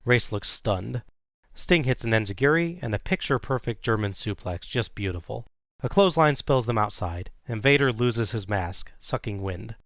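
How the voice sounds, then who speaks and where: Podcast host, male, lower register, dry booth sound, steady play-by-play recap. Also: moderate pace, no echo. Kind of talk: casual recap narration.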